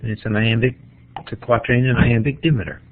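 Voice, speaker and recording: Tinny-sounding New lecturer. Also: male voice, medium pitch, steady tone, slight background noise. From New England. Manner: measured, explanatory, pauses to think. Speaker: literature teacher. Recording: tinny phone-like lo-fi recording.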